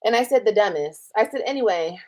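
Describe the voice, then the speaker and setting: A woman's voice: mid-range voice, expressive, fast, a little mellow. A woman retelling a personal drama on a casual livestream, reading old texts aloud, swearing freely and reacting as she scrolls. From Texas. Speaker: streamer telling a personal story.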